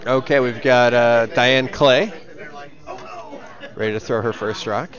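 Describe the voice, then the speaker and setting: A man's voice: medium pitch, steady tone, unhurried. Dry-humored man calling curling. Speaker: curling commentator. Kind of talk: casual sports commentary. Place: curling club, indoors. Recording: dull audio with crowd behind.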